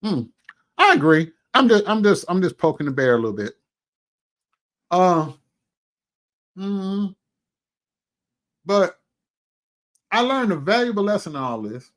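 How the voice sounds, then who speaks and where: A high-voiced man hosts a laid-back livestream chat with plenty of animation and exclamation. Between remarks he hums drawn-out and adds folksy asides.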